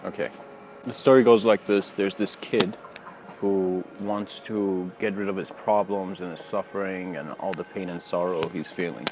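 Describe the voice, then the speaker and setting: A man giving a casual spoken lecture outdoors near train tracks, telling stories in a relaxed, rambling way. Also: deep voice, normal speed, background noise. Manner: relaxed, rambling, many fillers. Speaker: spiritual lecturer.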